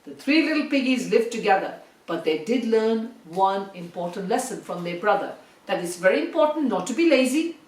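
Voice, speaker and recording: A woman telling a story to children, animated and talking directly to her young listeners. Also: medium pitch, normal speed, distant mic. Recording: roomy echo, set back from the mic.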